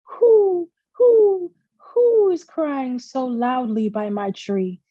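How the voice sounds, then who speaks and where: A woman voicing a wise mother owl in a storybook, hooting in a high, slow voice. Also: dry recording, dull audio, exaggerated voice. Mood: curious.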